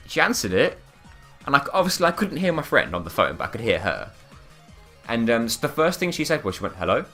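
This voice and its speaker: A man's voice: mid-range voice, sharp tone. A young man telling a funny anecdote in casual chat, laughing often and acting out the people he quotes. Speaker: podcast co-host. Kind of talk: casual storytelling.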